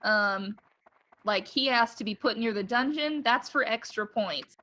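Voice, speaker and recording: A woman's voice: fairly high pitch, measured pace, bright, forceful tone. A young woman casually explaining game mechanics while playing, with filler words and offhand swearing. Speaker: let's play player. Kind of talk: casual gameplay commentary.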